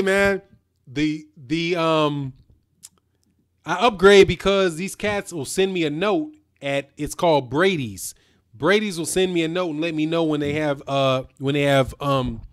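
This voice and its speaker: Guy hosting a live stream late at night, slangy and kinda tipsy, voice sits a bit high. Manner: loose, slangy, reads out viewer chat. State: tipsy from whiskey. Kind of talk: casual live stream chat.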